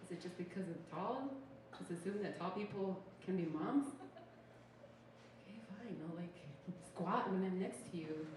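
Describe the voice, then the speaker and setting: A woman's voice: on the low side, normal speed, darkish tone, a little hiss or hum. Sarcastic young woman doing standup, says like nonstop, far off mic in a super echoey room. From Utah. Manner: chatty, sarcastic, says "like" constantly. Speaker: stand-up comedian. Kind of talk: stand-up comedy set. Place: small comedy show venue.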